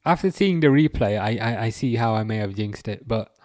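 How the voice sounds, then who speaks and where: A man's voice: fairly low pitch, expressive, fairly quick, darkish tone, no echo, clean studio sound. A man hosting a casual football livestream, chatting and self-mocking, often restarting his sentences and laughing. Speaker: livestream host. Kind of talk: casual live match commentary.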